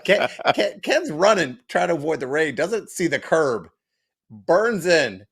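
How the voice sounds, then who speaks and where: A man on a comedy talk radio show spins a story in a loose, relaxed way, his pitch swinging up and down. His voice has a gravelly, rough edge. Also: measured pace. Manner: laid-back, animated storyteller. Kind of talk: casual radio banter and storytelling. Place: radio studio.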